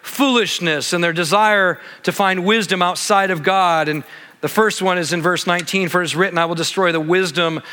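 Bright-voiced man preaching in a hall. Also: sits high, normal speed. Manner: conversational, builds to animated emphasis. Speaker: pastor. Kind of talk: expository sermon.

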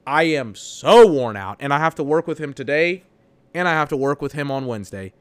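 A young man hosts a solo podcast, venting about his job in a profane, exasperated, rambling rant. His voice is a little high with lively intonation, and he speaks briskly and smoothly on a dry recording.

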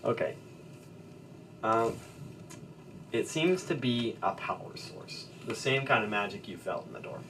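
Low-voiced man running a tabletop game. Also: a little slow, long pauses. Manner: relaxed, hesitant narration with fillers and laughs. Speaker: game master. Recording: distant mic with faint background noise.

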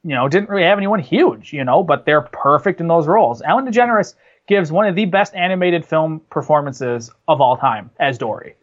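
A man talks through a film he loves in an enthusiastic, rambling way, his voice sitting a little high for a man. The recording is dull and lo-fi, as if the highs were shaved off. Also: expressive, fairly quick. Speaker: podcast co-host. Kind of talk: casual movie discussion.

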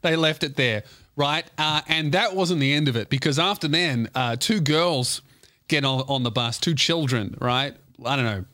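A man hosting a podcast who tells a long comic story full of swearing and restarts. His voice sits a little high for a man and sounds bright and forceful. It is recorded close and dry. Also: moderate pace, no room sound. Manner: rambling, profane, laughing at his own story. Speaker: podcast host. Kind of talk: comedic storytelling.

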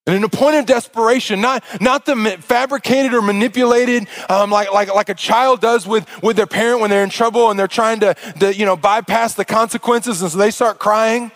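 A man preaching a sermon as pastor, impassioned, with stammering restarts and swings from hushed to loud. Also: high-pitched, fairly even intonation, brisk, hardly any pauses.

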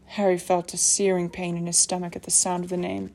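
An audiobook narrator reads a novel aloud in a fairly low-pitched voice. Her scripted delivery is steady and measured, in a storytelling manner.

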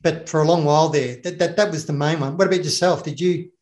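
A man's voice: on the high side, fairly even intonation, fast talker, a little mellow. A man, a former special operations officer, chatting casually in a rambling way, repeating words and laughing often. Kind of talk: casual conversation. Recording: roomy echo.

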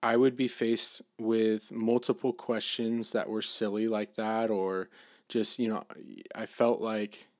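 Halting, casual middle-aged man preaching. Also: fairly low pitch, flat delivery, no echo, clean studio sound. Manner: casual, halting, many restarts and fillers. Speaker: dad giving a faith talk. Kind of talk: informal sermon.

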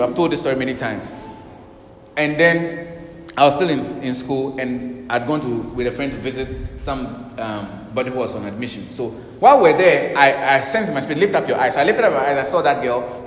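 A man preaching a sermon, swinging from loud, urgent bursts to hushed passages. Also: mid-range voice, slight background noise. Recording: echoey hall with long reverb, faint ambience.

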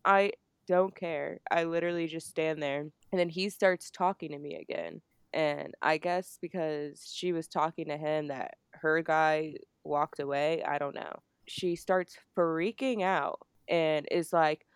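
A woman's voice: low-pitched, measured pace, smooth, no echo, clean studio sound. A young woman from New Jersey telling a story on a casual podcast, swearing freely and acting out the lines of the people in it. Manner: animated, swearing, acts out quotes. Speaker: podcast co-host.

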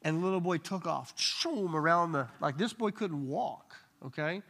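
A man leads a Bible study at church, his somewhat high voice creaky as he recounts healing stories. He tells them with animated energy, slipping into brief quoted voices along the way.

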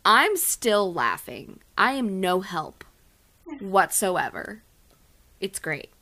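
A woman's voice: medium pitch, big pitch swings, takes it slowly, bright, forceful tone. A woman co-hosting a casual podcast, playful and teasing as she talks. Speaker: podcast co-host.

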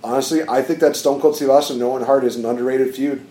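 A man co-hosting a podcast, recapping wrestling in casual chat, animated and laughing as he acts out quotes. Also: medium pitch, fast, echoey room, low-quality recording. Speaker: podcast co-host.

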